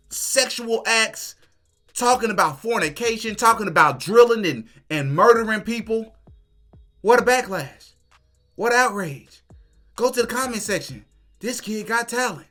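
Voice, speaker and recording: A man's voice: very high-pitched, bright, forceful tone. A man hosting a commentary channel, reacting to clips with indignant rhetorical questions.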